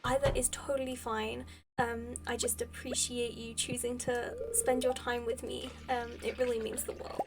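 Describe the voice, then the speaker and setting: A high-pitched woman streamer chats with her viewers while she plays a game. Her talk gushes with effusive thanks and rambles along through plenty of restarts and fillers. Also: little pitch movement, moderate pace, far from the mic, background noise. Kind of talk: casual chat with live viewers while gaming.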